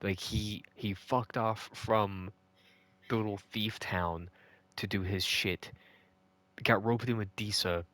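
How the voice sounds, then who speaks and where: A man's voice: lowish voice, fairly even intonation, takes it slowly, fairly bright tone. A man recapping a video game, ranting and swearing in frustration. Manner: ranting, profane and exasperated. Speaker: gaming video host. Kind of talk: casual game recap commentary.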